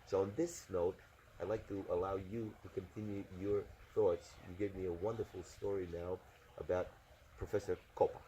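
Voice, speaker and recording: A man from Romania interviewing a guest in casual chat, talking with many fillers and pauses. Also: sits low, steady tone, warm tone. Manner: chatty, hesitant, with many fillers. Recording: noisy background.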